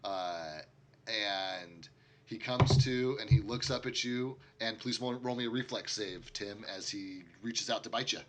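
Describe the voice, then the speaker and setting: A man narrating and running a tabletop role-playing game as game master, laughing often between quick asides. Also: lowish voice, heavy background noise.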